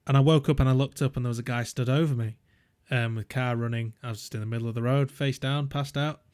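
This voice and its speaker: A man's voice: mid-range voice, fairly even intonation, fast talker, darkish tone, smooth. A young man, co-hosting a podcast and telling rambling stories in a casual chat, full of "um"s and swearing. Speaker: podcast co-host.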